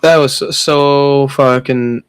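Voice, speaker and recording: A man's voice: mid-range voice, fairly even intonation, takes it slowly, smooth, dry recording. A young man streaming, telling a profane party story with frequent laughter. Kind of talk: casual chat.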